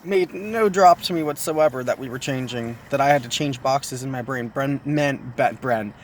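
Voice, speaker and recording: Here a video host with a mid-range voice talks casually with his partner at a moderate pace, over slight background noise. He's chatty, makes fun of himself, and leans on repeated phrases to explain things.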